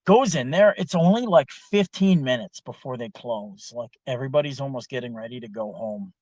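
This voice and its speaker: A young man telling a long story in a casual podcast chat, animated and heavy on swearing. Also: medium pitch, normal speed, no room sound. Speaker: podcast co-host.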